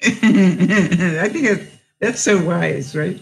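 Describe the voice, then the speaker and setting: A woman's voice: on the low side, very slow, vocal fry, pauses often, rough recording. Woman, live-stream host, reads viewer comments aloud, encouraging advice, rambling, many fillers and restarts. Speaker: vlogger and host.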